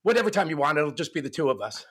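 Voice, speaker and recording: A pushy neighbor leaning out his door with an invitation, as a man puts him on while telling a joke. The voice sits a little above his usual pitch. The delivery stays close to plain speech. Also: very animated, racing, a bit bright, husky, exaggerated voice. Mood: coaxing.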